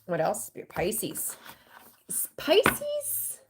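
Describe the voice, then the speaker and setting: A woman's voice: medium pitch, huge pitch swings, extremely slow, heavy background noise. A woman giving a live tarot reading in a frank, rambling way, swearing casually and greeting viewers. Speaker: tarot reader.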